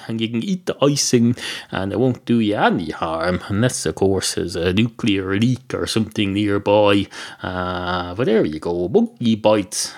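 An Irish man hosting a podcast, rambling through a sweary mock rant in a comic monologue. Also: mid-range voice. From Ireland. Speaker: podcast host.

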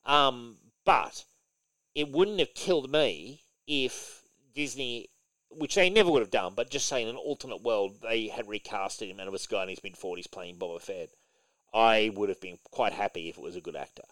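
A man's voice: fairly low pitch, expressive, normal speed, fairly bright tone, dry recording, rough recording. A man co-hosting a podcast in casual chat, opinionated and swearing now and then. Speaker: podcast co-host.

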